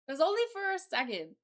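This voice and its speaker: A young woman with a Southern American twang, rambling casually to her live-stream chat from a home setup on a desk mic. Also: high voice. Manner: rambling, chatty, reads and answers chat aloud. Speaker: livestreamer.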